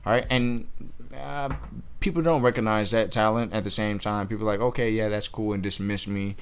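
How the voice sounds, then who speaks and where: A man's voice: on the low side, steady tone, a little fast, clean tone. A man chatting casually as a podcast guest, rambling with lots of stammered restarts and swearing. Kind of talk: casual chat.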